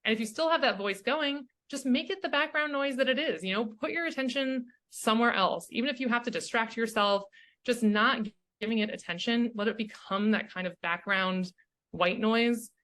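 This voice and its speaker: Woman guest, coach type, crisp bright tone, earnest and reflective delivery with frequent check-ins. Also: a little high, normal speed. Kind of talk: casual interview chat.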